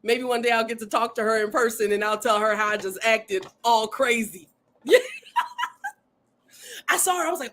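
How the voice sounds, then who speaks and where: A woman hosting a casual livestream, excitedly reading viewer comments aloud and often saying "y'all.". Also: a little high, normal speed, pauses often. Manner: says "y'all" often, Southern-tinged speech. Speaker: livestream host.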